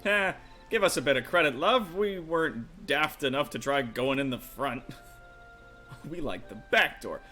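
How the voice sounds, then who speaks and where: A man voicing a rough, cheeky male adventurer in a put-on mix of Brooklyn and Irish accents, slangy and swaggering. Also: mid-range voice, lively intonation, a little slow, sharp tone, faint music behind, voice pushed down. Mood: boastful. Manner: slangy, swaggering, calls people love and lass.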